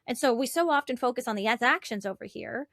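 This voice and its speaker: A woman relationship coach, a guest in an interview, talking in an animated, chatty way with lots of "like" and "right?". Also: fairly high pitch, fast talker, no room sound, clean studio sound. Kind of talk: conversational interview.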